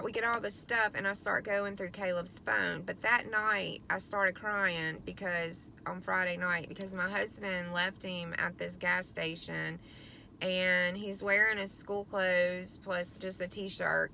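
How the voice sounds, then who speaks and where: A woman's voice: fairly low pitch, creaky, bright, forceful tone, a little hiss or hum. A middle-aged woman venting to camera about her teenage son, frustrated, swearing often and rambling with lots of ums. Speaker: vlogger, parent of a teenager.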